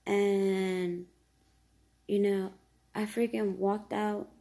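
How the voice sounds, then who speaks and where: A woman tells a casual storytime tale in a loose, rambling flow, full of fillers and the odd swear word. Her voice is gravelly and low in brightness, with a mellow, relaxed tone and a middling pitch. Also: extremely slow. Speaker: vlogger telling a story.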